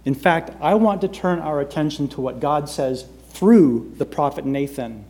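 High-voiced dramatic male preacher. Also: moderate pace. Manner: dramatic, shifts between loud emphasis and hushed delivery. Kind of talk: sermon.

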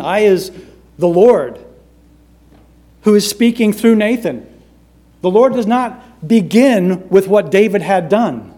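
A male preacher giving a sermon, swinging between loud emphatic lines and hushed, quiet ones. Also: high voice.

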